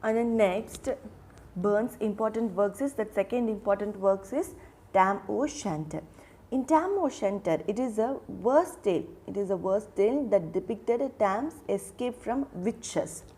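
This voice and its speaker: A woman's voice: mid-range voice, lively intonation, warm tone. A woman teaching a literature lesson, asking questions and answering them herself, often repeating words and restarting phrases. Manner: slow, repeats names and restarts phrases while explaining.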